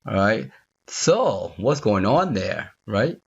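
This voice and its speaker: A man in an unscripted screen-recorded coding tutorial, thinking aloud as he works. He talks at a slow, unhurried pace, often repeating himself and checking whether the viewer follows. The audio is slightly dull and lo-fi, from a computer mic. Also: on the low side, big pitch swings, vocal fry, breathy edge. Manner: thinking aloud, repeats phrases, asks viewer "you see there?". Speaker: software tutorial instructor.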